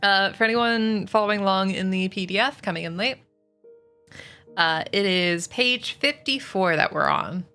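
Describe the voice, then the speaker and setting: A woman's voice: medium pitch, normal speed, smooth. A woman streaming a book reading, narrating chapters and chatting with viewers in a giggly, friendly way. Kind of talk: casual livestream storytelling. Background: soft music.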